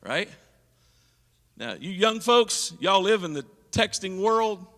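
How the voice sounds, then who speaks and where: A man's voice: high voice, lively intonation, slow pace, fairly bright tone, long reverb tail. A man leading a leadership seminar at a church, teaching and asking his audience questions. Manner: engaging, asks the audience questions. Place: church hall.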